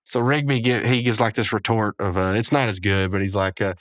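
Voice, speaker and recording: A man's voice: lowish voice, fairly even intonation, brisk, no echo. Rambling man recapping in a dry close sound. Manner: rambling, chuckling, many asides and fillers. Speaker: podcast host. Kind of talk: casual episode recap.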